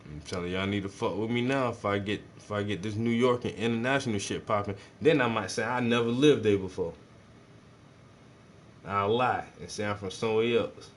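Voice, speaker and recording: A man's voice: on the low side, brisk. Profane joking man, faint hum. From South Carolina. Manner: profane, joking, playful, rambling. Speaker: painter livestreaming to viewers. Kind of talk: casual streaming chat while painting.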